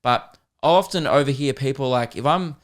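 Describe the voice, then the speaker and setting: A man with an Australian accent, a comedian hosting a podcast, telling stories in a casual, rambling, animated way. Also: mid-range voice, normal speed. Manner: rambling, animated, slips into voices.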